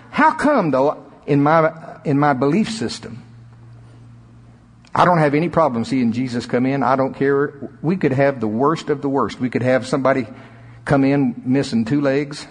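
Preacher guy, husky, swoops way up then drags words out slow, big echoey church. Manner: preaching with sudden rises in pitch and drawn-out emphasis. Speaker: pastor. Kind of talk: sermon. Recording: echoey hall reverb.

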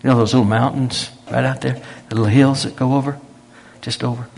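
A male preacher gives a folksy, story-driven sermon. His voice is gravelly and somewhat husky at a middle pitch. He talks to the congregation plainly and pushes his points with emphasis. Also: fairly even intonation, fairly quick, a little mellow. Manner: folksy, conversational, rising to emphatic.

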